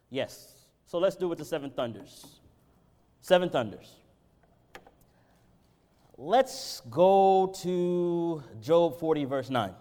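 A man preaching a sermon. He swings between loud, impassioned peaks and low, conversational Bible teaching. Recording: reverberant hall.

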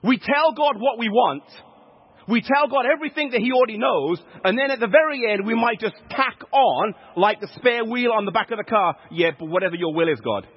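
A man's voice: extremely high pitch, normal speed, slightly rough. A man preaching a sermon, teaching step by step, repeating key points with emphasis. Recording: echoey hall, dull lo-fi sound.

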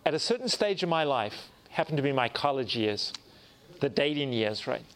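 Animated man telling a story in a sermon. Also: mid-range voice, moderate pace. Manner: animated storyteller, acting out dialogue, self-mocking. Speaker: pastor.

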